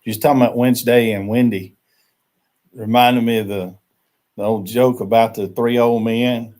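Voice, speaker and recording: A man's voice: medium pitch, fairly even intonation, normal speed, darkish tone. An older man, chatting and joking easily as host of a casual live stream from a rural camp.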